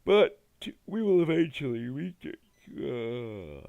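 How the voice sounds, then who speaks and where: A young man talks to his stream in a loose, meandering way, trailing off and circling back to his point. He sounds tired and a little sleepy, yet his pitch bounces around a lot as he talks. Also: sing-song, moderate pace. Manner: rambling, hesitant, restarts often. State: tired, yawning. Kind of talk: casual live-stream chat.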